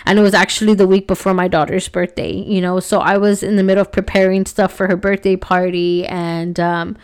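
A woman in her thirties hosting a podcast, talking earnestly and haltingly in a personal reflective monologue, often adding "right?" and fillers. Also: mid-range voice, little pitch movement, clean tone. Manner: earnest, tag questions and fillers, soft and halting. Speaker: podcast host.

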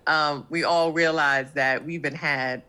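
A woman's voice: sits low, steady tone, measured pace, pushed and bright. A woman with a New York accent, a comedian guest chatting casually and acting out other people's voices in her stories. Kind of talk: casual storytelling chat.

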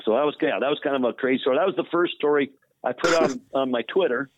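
A man, a former baseball pitcher, telling a story in casual conversation and acting out the dialogue as he goes. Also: fast talker, noisy background. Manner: animated retelling with quoted dialogue. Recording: tinny phone line, dry.

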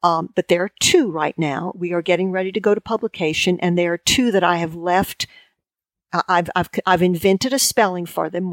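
A woman, a guest in a conversational interview, talking in halting bursts full of restarts and fillers. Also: on the low side, no echo, studio quality. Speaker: guest lexicographer.

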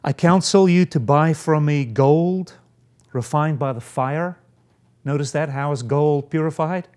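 A man's voice: fairly high pitch, darkish tone. A man preaching a sermon, reading scripture aloud and then explaining it. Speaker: pastor.

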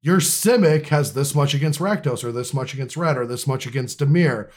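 A man's voice: mid-range voice, a little fast, darkish tone. A man co-hosting a casual gaming podcast, explaining things eagerly with lots of fillers and restarts. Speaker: podcast co-host. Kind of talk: casual chat.

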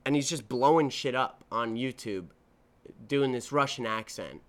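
A young man in his twenties talks alone into the mic as a podcast host, drifting from a rant into a childhood story. His voice is smooth and clear at an ordinary middle pitch. He swears freely and keeps restarting and correcting his sentences as he goes. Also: measured pace. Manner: rambling, profane, self-correcting storytelling. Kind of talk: casual solo podcast monologue.

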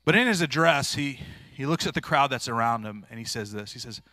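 A man's voice: medium pitch, expressive, fairly quick, pushed and bright, dry recording. A male pastor preaching a sermon in a plain-spoken, earnest, informal way, restarting phrases often. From rural area.

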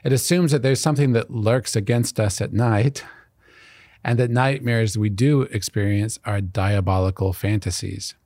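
Man, 50s, low voice, earnest storyteller, animated retelling, dry close sound. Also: normal speed, no room sound. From Arizona, USA. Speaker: host. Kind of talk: reflective personal storytelling. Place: college campus.

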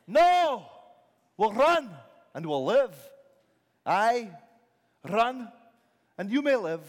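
A man's voice: very high voice, voice pushed up, exaggerated voice. A man doing a rousing rebel warlord. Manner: stirring, emphatic speechmaking building to a shout. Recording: reverberant large hall.

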